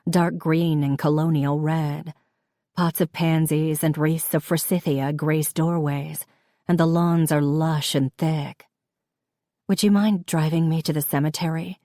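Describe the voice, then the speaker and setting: A woman narrates a first-person novel in a calm, reflective way. Her voice is low and mellow. The recording is close and dry. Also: dry recording. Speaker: audiobook narrator.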